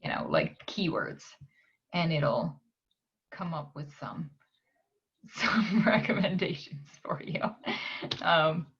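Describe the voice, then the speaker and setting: A woman from a library talking through a software tutorial on her screen, unhurried and pausing with "um" as she clicks along. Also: deep voice, breathy edge, highs cut off. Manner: unhurried, frequent "um" pauses while clicking.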